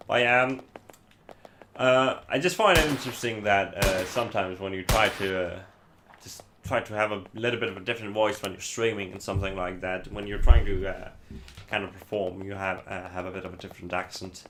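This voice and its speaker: A man's voice: on the low side, fairly even intonation, normal speed, fairly bright tone, slight background noise. A man whose first language is Icelandic chats casually while streaming a game, rambling with lots of fillers and restarts. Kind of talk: casual gameplay chat.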